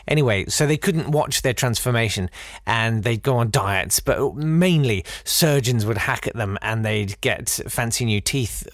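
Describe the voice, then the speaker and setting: A man's voice: medium pitch, no echo, clean studio sound. A man hosting a podcast who reads a listener's story aloud, breaking off for wry, digressive asides and theatrical readings. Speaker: podcast host.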